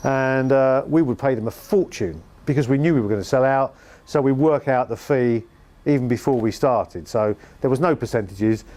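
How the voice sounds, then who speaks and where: A man's voice: medium pitch, normal speed, a little mellow. Wry English man telling music-business stories. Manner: wry and dryly humorous. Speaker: former band manager and music promoter. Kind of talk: anecdotal storytelling interview.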